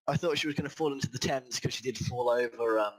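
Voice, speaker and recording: A man's voice: medium pitch, fast talker, poor audio. Rambling man in casual chat. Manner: animated, complaining, rambling. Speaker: guest.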